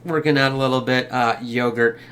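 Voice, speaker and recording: A man's voice: medium pitch, fairly even intonation, a little fast, fairly bright tone, clean tone. A man giving a casual spoken movie review, rambling loosely, swearing a lot and laughing often.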